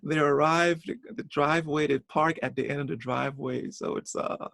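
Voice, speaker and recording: A man's voice: a little high, fairly even intonation, normal speed, creaky, a bit bright, dry recording. A man chatting casually on a podcast, telling a personal story with lots of repeated words and restarts.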